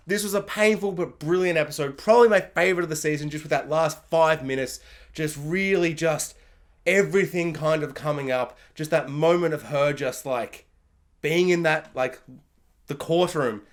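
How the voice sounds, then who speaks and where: A man giving a casual, gushing TV episode review, rambling with lots of fillers. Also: fairly high pitch. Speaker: TV review vlogger.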